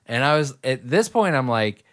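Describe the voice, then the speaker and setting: A man's voice: mid-range voice, sing-song, moderate pace. Rambling, swearing man telling a story. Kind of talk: casual chat.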